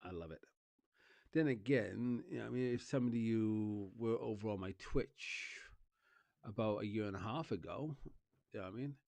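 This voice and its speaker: A man's voice: on the low side, moderate pace, gravelly, a little mellow, dry recording. A man chatting casually to his viewers, rambling, repeating himself and laughing often. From Wales. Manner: rambling, repeats "you know what I mean", laughs often. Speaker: streamer and vlogger.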